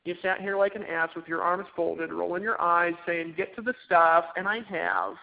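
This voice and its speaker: Gravelly man preaching over a tinny phone line. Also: high voice, expressive, moderate pace. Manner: emphatic, repetitive, preachy exhortation. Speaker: motivational speaker on a conference call. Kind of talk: motivational pep talk.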